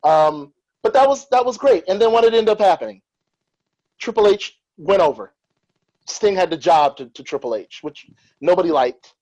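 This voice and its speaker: A man's voice: high voice, lively intonation, normal speed, a little mellow, low-quality recording. A man hosting a podcast, in casual chat, telling stories with animation and strong opinions. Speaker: podcast host.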